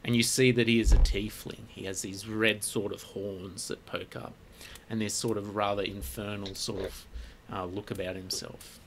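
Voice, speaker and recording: A man's voice: lowish voice, little pitch movement, normal speed, background noise. A man narrating a tabletop game as game master, in loose, rambling narration with fillers.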